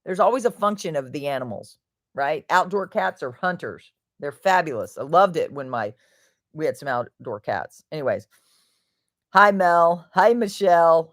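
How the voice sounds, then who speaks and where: Lively, rambling woman hosting a livestream. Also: sits low, normal speed, no echo, studio quality. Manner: rambling, chatty, reads out viewer comments. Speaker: livestream host. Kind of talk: casual livestream chat.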